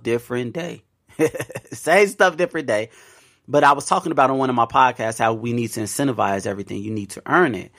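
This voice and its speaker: A man hosting his own podcast, giving a casual motivational talk to his listeners. He is animated and preachy, laughs a lot, uses slang, and repeats phrases for emphasis. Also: mid-range voice. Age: adult parent. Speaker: podcast host.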